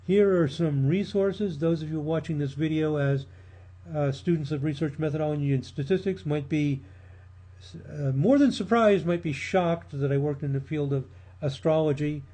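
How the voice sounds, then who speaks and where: A man delivers a recorded lecture in a mellow, soft-edged voice pitched a touch high. He speaks in a measured way, with frequent ums and restarts. His voice sounds slightly worn. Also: steady tone. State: losing his voice.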